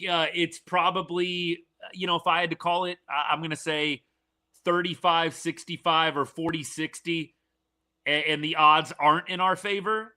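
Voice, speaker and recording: A man hosting a live reaction stream for a college football game, talking casually and animatedly, with frequent restarts. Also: fairly high pitch. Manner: animated, fan-partisan commentary with frequent restarts.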